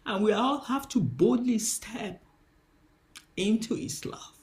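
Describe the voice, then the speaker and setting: A woman's voice: fairly high pitch, animated, takes it slowly, darkish tone. A woman preacher giving a spiritual teaching, impassioned and emphatic, repeating her key phrases.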